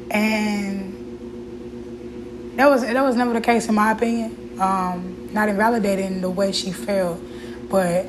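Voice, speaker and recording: A woman hosts her own show in a loose, personal way. She talks with open feeling and often restarts her sentences. A faint hiss sits under her voice. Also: mid-range voice. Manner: candid and emotional, with fillers and restarts. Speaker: podcast host. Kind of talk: casual personal talk.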